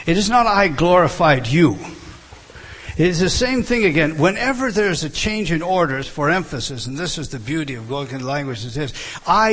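A man's voice: a little high, a bit bright, breathy edge. A man preaching an expository sermon, emphatic and prone to repeating words and restarting phrases.

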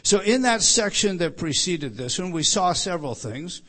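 Earnest preacher man, higher voice. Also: expressive, a bit bright. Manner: earnest, with frequent repeated words and emphatic slowing. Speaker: pastor. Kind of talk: sermon.

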